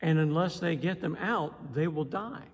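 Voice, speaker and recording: A man preaching a sermon in an animated way, acting out voices and pausing for emphasis. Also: on the high side, husky. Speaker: pastor. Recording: long hall reverb.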